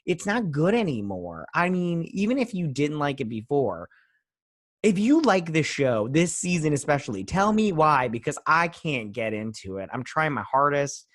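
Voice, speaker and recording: A man's voice: on the high side, very animated, moderate pace, a bit bright, no echo, studio quality. A man giving a casual, rambling spoken review of a TV episode, frustrated and full of fillers. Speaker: TV review vlogger.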